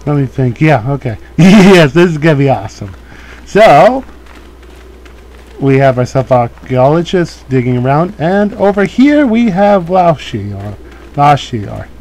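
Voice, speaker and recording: A man's voice: on the high side, sing-song, unhurried, darkish tone, poor audio. A man giving casual, joking commentary while playing a video game, often laughing at himself. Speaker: let's play host.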